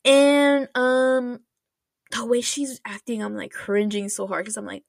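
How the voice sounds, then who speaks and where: Gravelly-voiced woman chatting casually. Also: mid-range voice, fairly even intonation, normal speed, no echo, clean studio sound. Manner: rambling, filler-heavy, laughs often. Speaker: podcast host. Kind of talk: casual chatty drama recap.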